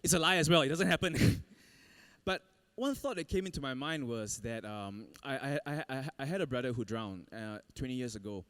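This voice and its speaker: A man preaching a sermon, telling a personal story in an animated way and laughing often. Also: mid-range voice, moderate pace, smooth. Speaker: pastor.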